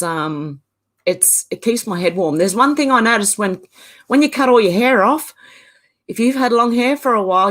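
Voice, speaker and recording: A woman's voice: mid-range voice, a bit bright. Chatty Australian woman with a smoker's cough. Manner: chatty, laughs often, greets viewers by name. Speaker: channel host. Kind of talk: casual livestream chat. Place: indoors at home, beside a filing cabinet.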